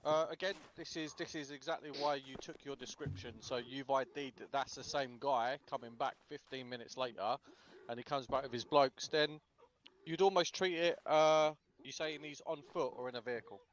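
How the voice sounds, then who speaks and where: A man runs a casual tactical briefing over voice chat. His manner is blunt and sweary, and he acts out bits of example dialogue. His pitch sits in the middle, and the headset sound is a little muffled. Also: normal speed, slight background noise. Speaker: instructor.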